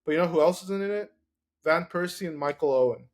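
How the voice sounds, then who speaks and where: A man's voice: fairly high pitch, brisk. A man with a slightly raised voice argues his football picks on a casual sports podcast. He builds his case with stats, and his talk is full of "like" fillers and restarts. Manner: argumentative, lots of "like" fillers. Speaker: podcast co-host.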